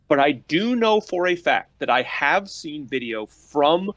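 A man co-hosting a casual political chat podcast, making his points in a measured, deliberate way. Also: on the high side, expressive, a bit bright, no room sound, dull audio. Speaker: podcast co-host.

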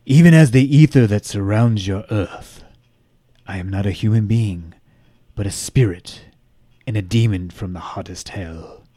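A man's voice: on the low side, unhurried, warm tone, dry recording. A man reading aloud the letter of a boastful demonic male axe murderer. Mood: menacing.

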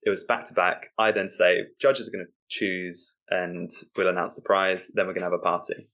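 Man, lowish voice, comedian storytelling, animated, acts out voices. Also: moderate pace. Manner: animated, acts out quoted voices, laughs often. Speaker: stand-up comedian guest. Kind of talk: casual storytelling.

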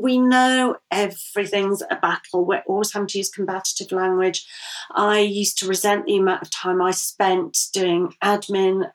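A woman guest in a podcast interview, speaking gently and earnestly about her late child and often laughing as she tells stories. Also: medium pitch, recorded from a distance. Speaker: guest, bereaved parent. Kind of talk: candid interview talk.

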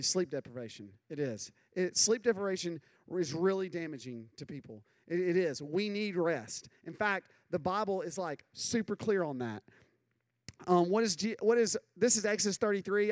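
Earnest, high-voiced young preacher man. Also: no room sound. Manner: earnest, conversational, often checking in with "okay?" and "right?". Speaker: youth pastor. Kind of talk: sermon.

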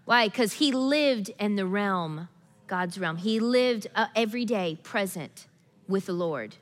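A woman pastor preaching a sermon, emphatic and repetitive, building to forceful declarations in a church sanctuary. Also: mid-range voice, animated, measured pace. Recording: long reverb of a church hall.

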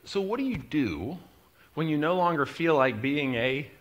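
A middle-aged pastor delivers a sermon. His voice is bright and slightly high. He drops into quiet, confiding storytelling, then climbs to loud, driving emphasis. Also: expressive, moderate pace. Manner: storytelling, swings from quiet asides to loud preaching.

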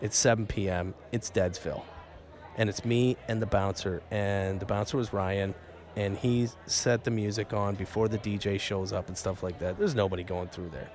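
A man in his forties telling a story in casual radio chat, animated and acting out what people said. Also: moderate pace. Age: 40s. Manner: animated storyteller, acts out quotes, trails into low mumbles. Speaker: guest storyteller.

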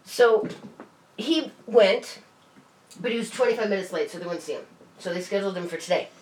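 A woman telling stories in casual chat, animated and quick to swear and laugh. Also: mid-range voice, far from the mic. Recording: roomy, off-mic, faint hiss.

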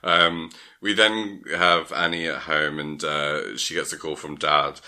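A man's voice: very deep voice, fairly even intonation, a little slow, bright, forceful tone. A man, co-hosting a podcast, casually recapping a film plot in a rambling way, full of fillers.

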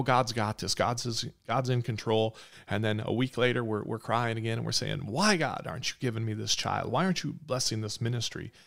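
A man's voice: on the low side, gravelly. A man preaching a sermon, retelling a Bible story in an earnest, repetitive way.

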